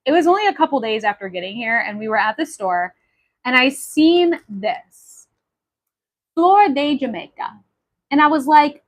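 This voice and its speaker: A woman from Maui hosts a casual livestream, her voice sitting a bit high. She chats on enthusiastically, full of fillers and friendly asides. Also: sing-song, moderate pace, rough recording. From Maui, Hawaii. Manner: chatty, enthusiastic, many fillers. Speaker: livestream host.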